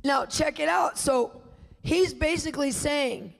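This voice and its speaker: A woman's voice: sits high, measured pace, vocal fry, in a large hall. A woman minister preaching a sermon, emphatic and full of rhetorical questions to her listeners. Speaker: guest minister teaching.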